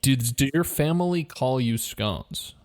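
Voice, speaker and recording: A man co-hosting a podcast with playful, teasing banter. He jokes and needles his partner in a middle-pitched voice. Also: expressive, measured pace, darkish tone. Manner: joking, teasing. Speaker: podcast co-host.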